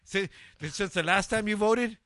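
A man's voice: high-pitched, unhurried, pushed and bright, no room sound, studio quality. A man co-hosting casual internet radio from a garage, joking and teasing in slang. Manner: joking, teasing, slangy with frequent tag questions. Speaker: co-host. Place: home garage studio.

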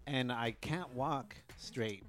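A man's voice: medium pitch, slow, fairly bright tone. A man co-hosting a casual podcast, joking and laid-back, who often tags his lines with "eh". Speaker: co-host.

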